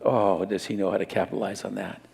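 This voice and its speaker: A middle-aged man preaching a sermon as a pastor, animated and acting out little scenes. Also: fairly low pitch, fast, gravelly, breathy edge.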